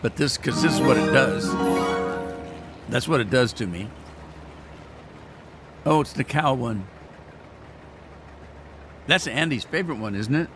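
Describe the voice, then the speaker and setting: Male gaming streamer, folksy and rambling, scratchy throat he keeps clearing, casual live chat. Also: medium pitch, animated, a little slow, pauses often, a bit bright, faint music behind. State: throat irritated, clearing throat often. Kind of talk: casual chat to live viewers while playing.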